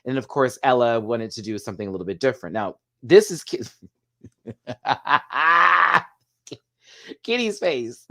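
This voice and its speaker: A man's voice: medium pitch, sing-song, brisk, darkish tone. A man hosting a casual show recap, chatty and gossipy, laughing often as he talks. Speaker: host.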